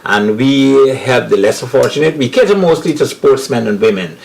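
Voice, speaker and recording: A man's voice: mid-range voice, lively intonation, normal speed, creaky, low-quality recording. A Guyanese man, a comedian guest, talking earnestly in a casual panel chat and often restarting his sentences.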